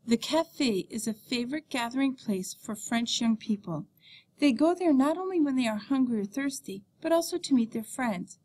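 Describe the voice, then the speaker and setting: A woman teacher reading a beginner French textbook lesson aloud, saying the French words slowly and clearly. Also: high-pitched, animated, warm tone.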